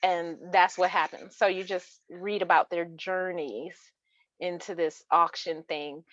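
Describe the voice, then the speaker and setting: A woman's voice: on the low side, fairly even intonation, unhurried, a bit bright, no echo. Woman author, interview guest, chatty and laugh-prone; lo-fi dull recording. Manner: chatty, laughs often, many restarts. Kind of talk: casual chat about books.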